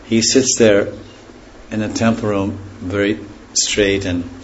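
Low-voiced man giving a devotional lecture. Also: steady tone. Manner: unhurried, pauses to correct himself. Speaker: spiritual teacher. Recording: dull lo-fi recording with faint hiss.

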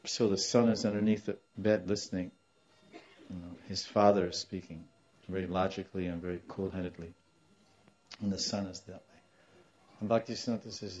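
A man giving a storytelling sermon as a spiritual teacher, animated and acting out voices in his tale, in a dull lo-fi recording. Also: fairly low pitch, normal speed, long pauses. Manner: animated, acts out quoted voices, laughs now and then.

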